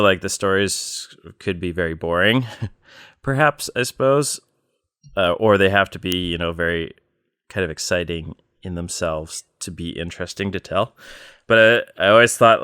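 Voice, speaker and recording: A man with a very low, resonant voice co-hosts a casual podcast chat. He tells stories plainly and without hurry, filling the pauses with ums and likes. The sound is close and dry, with no room in it. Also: pushed and bright, clean tone, no room sound. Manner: plain, unhurried storytelling with many fillers. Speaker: podcast co-host.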